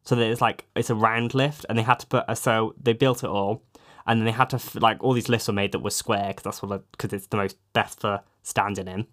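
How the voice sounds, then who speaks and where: A man co-hosting a podcast, rambling through stories in casual chat and restarting often, his voice jumping up when he gets excited. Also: lowish voice, brisk, hardly any pauses. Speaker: podcast co-host.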